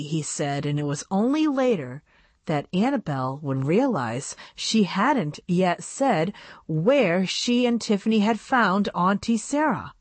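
Woman reader for a radio reading service; expressive storybook delivery with a lively, varied tone. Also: lowish voice, unhurried, dry recording. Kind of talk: reading a children's book aloud.

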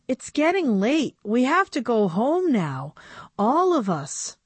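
A plucky little girl doll from a storybook, her voice high and urgent, leaping up and down. A woman reader voices her. Dry and close. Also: big pitch swings, slow pace, husky, no echo, heavily acted.

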